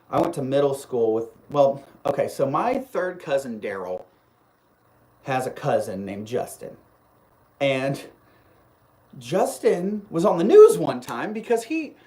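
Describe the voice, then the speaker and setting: A live stream host telling a long personal story in a casual, rambling way, full of restarts, and replying to viewer comments. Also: medium pitch. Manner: rambling and animated, with frequent restarts; reads viewer comments aloud and replies.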